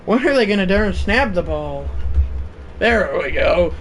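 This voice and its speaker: A young man doing excitable play-by-play commentary on a video game stream, laughing along with his chat and shouting on big plays. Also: sits high, measured pace, slight background noise. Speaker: livestream commentator.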